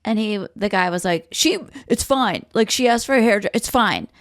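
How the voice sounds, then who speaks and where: A woman's voice: medium pitch, a little fast, no echo, clean studio sound. A woman co-hosting a podcast, telling a story casually with laughs and mimicked quotes. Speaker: podcast co-host. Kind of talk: casual chat.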